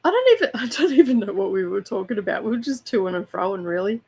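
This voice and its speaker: A woman's voice: mid-range voice, lively intonation, quick pace, vocal fry, darkish tone, breathy edge. A woman co-hosting a casual book club livestream, easygoing and laughing along, fighting a cold. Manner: easygoing, laughs along, short agreeing replies. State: has a cold. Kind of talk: casual chat.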